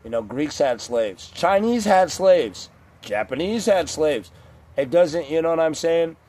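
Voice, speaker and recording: A man's voice: fairly high pitch, unhurried, darkish tone. Man ranting profanely over a few beers. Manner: profane, rambling, digressive. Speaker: vlogger. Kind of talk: casual rambling rant.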